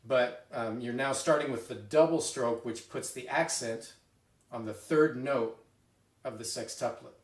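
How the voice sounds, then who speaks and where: A man teaching a drum lesson, explaining a rudiment exercise in a relaxed way with fillers and restarts, recorded from a distance. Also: medium pitch, measured pace. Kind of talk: spoken music lesson with demonstrations. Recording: roomy, mic set back. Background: drums and metronome.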